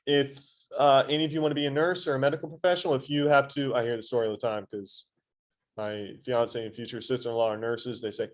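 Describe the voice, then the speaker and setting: A man teaching a high school anatomy lesson in a classroom, quizzing his students and adding playful asides. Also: steady tone, fast. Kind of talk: classroom lecture.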